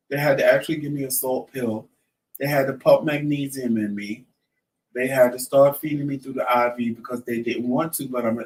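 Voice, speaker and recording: Man in his fifties telling a story from a distance. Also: medium pitch. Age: 50s. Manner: animated storyteller who acts out quoted dialogue. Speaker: vlog host. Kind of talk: casual storytelling chat.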